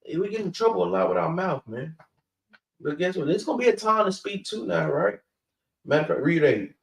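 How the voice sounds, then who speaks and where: A man with a high voice preaching scripture in loose street talk, who peppers every point with "guess what" and "man." He is recorded from across an echoey room. The sound is roomy and distant. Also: animated, fairly quick, gravelly. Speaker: teacher of a scripture class. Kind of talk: street-style Bible teaching.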